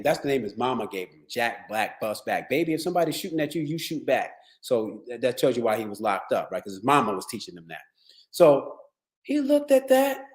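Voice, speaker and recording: A man giving a motivational wellness talk to lawyers. He tells stories in a streetwise, profane, animated way. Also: fairly high pitch. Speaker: wellness speaker. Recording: echoey room.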